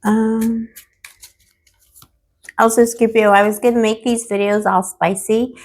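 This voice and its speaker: A woman with a hoarse, fading voice giving a tarot card reading, affectionate and playful, calling the viewer pet names with dramatic asides. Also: a little high, little pitch movement, measured pace, darkish tone. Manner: affectionate, calls the viewer boo-boo and baby. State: hoarse, losing her voice. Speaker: tarot reader.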